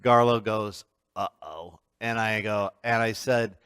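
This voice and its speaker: A man teaching a church history class, telling a story in an animated, emphatic way with frequent restarts. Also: lowish voice, measured pace, clear, resonant tone, no echo, clean studio sound. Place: church meeting room.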